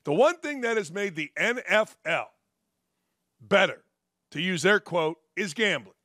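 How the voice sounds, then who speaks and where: High bright-voiced guy ranting on a sports show, sarcastic and combative, dry close sound. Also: expressive, measured pace, no echo. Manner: combative, sarcastic, mocking quotes. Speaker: sports talk show host. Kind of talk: opinion commentary monologue.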